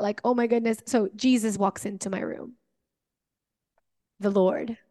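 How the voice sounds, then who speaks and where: A young adult woman hosts a podcast, telling her listeners a personal story earnestly and emotionally, with plenty of fillers. Her voice sits on the high side, followed by a long reverb tail.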